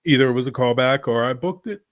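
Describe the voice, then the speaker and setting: A man's voice: mid-range voice, fast, dry recording, studio quality. A man from Boston, an actor guest telling stories in a casual interview, rambling and laughing often.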